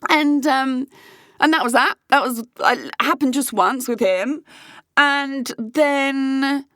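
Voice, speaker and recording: A woman in her thirties chats candidly to camera, open and unfiltered, with the odd swear word. Her voice sits a little high, and the sound is dry and close, with no room echo. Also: slow pace, a bit bright. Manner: frank and chatty, swears freely. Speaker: host. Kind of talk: candid casual chat.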